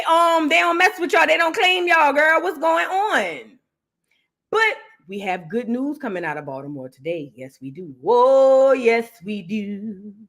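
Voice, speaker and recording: A woman's voice: sits high, sharp tone. A woman hosting a casual gossip show, chatty and teasing as she rambles on. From Southern United States. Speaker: host.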